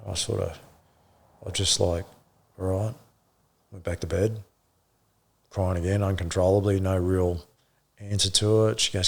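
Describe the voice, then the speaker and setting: A middle-aged man, a former police officer, telling his story in an interview with blunt swearing and halting restarts. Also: low voice, steady tone, vocal fry. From Australia.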